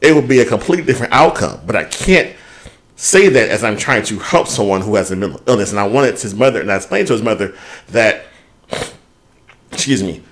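This is a man with a fairly low voice, talking in a relaxed, unfiltered way on a podcast. He swears freely and works through a rough day out loud as he chats with his co-host. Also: moderate pace. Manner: candid, swears freely, talks through a hard day at length. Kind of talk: casual chat.

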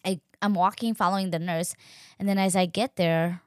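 A young woman telling a personal story in a casual, animated way, acting out quoted dialogue and using lots of fillers. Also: lowish voice, normal speed, no echo, clean studio sound. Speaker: podcast host.

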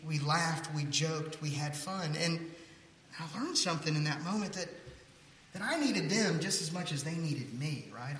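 A middle-aged man pastor preaching a sermon, telling a story and acting out the people in it with lively energy. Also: a little high. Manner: storytelling, animated quoting of others. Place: church sanctuary. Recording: echoey hall with faint noise.

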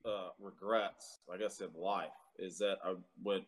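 Low-voiced guy in his 30s, marine vet rambling through his story, lots of uh and like. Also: steady tone, a little slow. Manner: rambling, profane storytelling with many fillers. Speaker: interviewee, Marine veteran. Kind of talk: casual interview.

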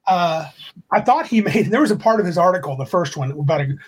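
A man's voice: high-pitched, animated, brisk, husky, low-quality recording. A man co-hosting a livestreamed tabletop gaming talk show, chatting casually and rambling as he corrects himself. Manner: rambling, self-correcting, reads quotes aloud. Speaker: podcast co-host.

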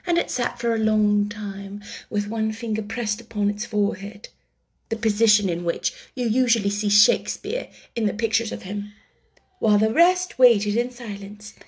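A woman reading a storybook aloud with an expressive, animated delivery. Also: mid-range voice, moderate pace, breathy edge.

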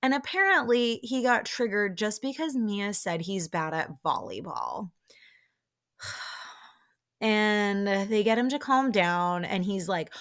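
A young woman hosts a podcast recapping reality TV, speaking slowly in a mid-range, expressive, slightly bright voice. She's chatty and casual, leans heavily on "like," and laughs often.

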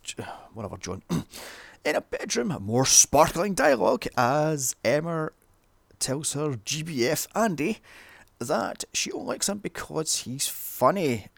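A man's voice: fairly high pitch, gravelly, fairly bright tone, no room sound. A man recapping a film in a sarcastic, comedic way. He swears often and keeps breaking in with mocking asides.

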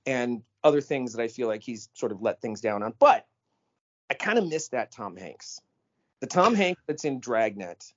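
A man co-hosting a podcast in casual chat, animated and emphatic, often cutting in. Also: medium pitch. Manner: animated, emphatic, quick to interrupt. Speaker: podcast co-host. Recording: slightly dull lo-fi audio.

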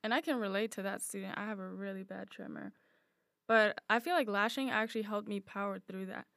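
A woman's voice: medium pitch, steady tone, brisk, creaky, a bit bright, no echo, clean studio sound. A young woman co-hosting a podcast, talking easily in casual chat with many fillers. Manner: easygoing, thoughtful, many "um" and "like" fillers. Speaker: podcast co-host.

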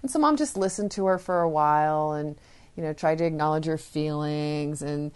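A woman's voice: low-pitched, moderate pace, a little mellow, clear, resonant tone. A woman parenting educator chatting casually, retelling stories with fillers. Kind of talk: casual storytelling talk.

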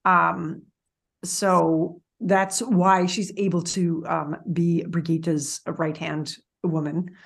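A woman hosting a podcast, recapping a TV series in casual, opinionated chat, full of "like" and "um". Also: medium pitch. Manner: chatty and opinionated, with frequent "like" and "um". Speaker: podcast host.

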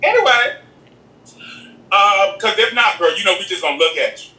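A high, very bright male voice, sassy and lively, chatting casually as an interview guest. He sounds some way from the mic in a roomy, echoey space. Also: moderate pace. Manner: sassy, animated, calls the listener "girl". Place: home in Los Angeles. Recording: echoey room, distant from the mic.

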